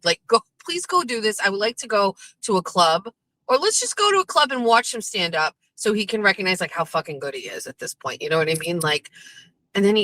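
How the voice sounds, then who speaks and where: Chatty, bright-voiced New woman. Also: medium pitch, no echo, low-quality recording. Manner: chatty, swearing, animated asides. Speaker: host. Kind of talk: casual chat.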